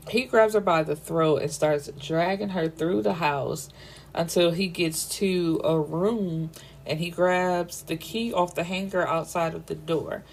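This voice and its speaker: A young woman talks through a book in a casual, chatty review, full of slang and side notes. Her voice sits on the lower side for a woman. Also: creaky, darkish tone, a little hiss or hum. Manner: chatty, giggly asides, slangy.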